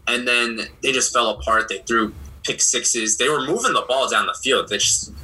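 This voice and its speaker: A young man co-hosting a casual sports chat, recounting games in a relaxed, matter-of-fact way. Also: medium pitch, moderate pace, slight background noise, poor audio. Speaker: podcast co-host.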